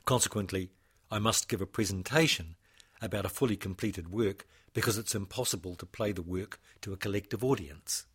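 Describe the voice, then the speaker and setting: A man, a composer, presenting his own work in a measured, formal, read-out lecture. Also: fairly low pitch, a bit bright, husky.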